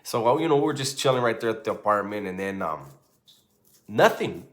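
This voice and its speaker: A man in his forties casually telling a true ghost story in a loose, profane, animated way, often checking in with "right?". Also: lowish voice, fairly quick.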